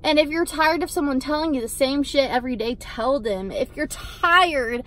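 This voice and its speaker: A woman's voice: high-pitched, moderate pace, fairly bright tone. A young woman vlogger giving a blunt, emphatic motivational pep talk to camera, swearing freely and repeating her points.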